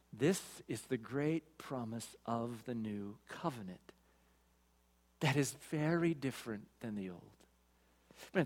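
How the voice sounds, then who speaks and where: A pastor preaching an expository sermon, swinging from loud emphatic peaks to quiet, drawn-out phrases. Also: male voice, mid-range voice. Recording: long reverb of a large hall.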